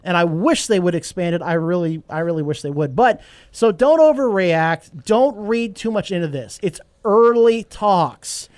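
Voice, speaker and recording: A man hosting a podcast in casual chat, animated and joking, reading an ad read along the way. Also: high-pitched, moderate pace, no echo. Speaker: podcast host.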